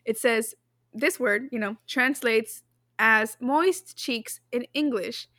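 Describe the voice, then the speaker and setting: A woman's voice: on the high side, slow, pushed and bright, no echo, studio quality. A woman co-hosting a podcast and reading out quiz questions in casual chat, giggly and chatty, often laughing. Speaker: podcast co-host running a quiz.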